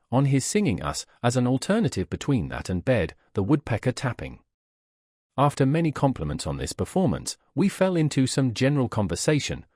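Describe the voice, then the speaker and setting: An expressive male narrator reads a scripted audiobook at medium pitch. The sound is clean studio audio with no room sound.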